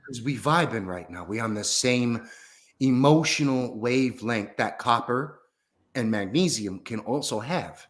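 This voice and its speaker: A man playing a grandiose, rambling mystic who muses slowly and solemnly in a comedy sketch. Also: mid-range voice, animated, close to an everyday voice. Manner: slow, solemn pseudo-scientific musing, drawn-out pauses. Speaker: guest in a parody interview.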